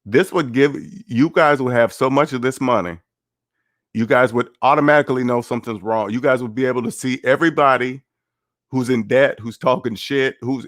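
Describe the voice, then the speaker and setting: A man's voice: medium pitch, dry recording, studio quality. A man giving casual livestream commentary on personal finance, blunt and sarcastic, repeating his points.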